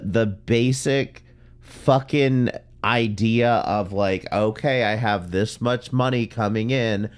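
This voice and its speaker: Male commentary host, very low voice, blunt and exasperated reacting to clips. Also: smooth.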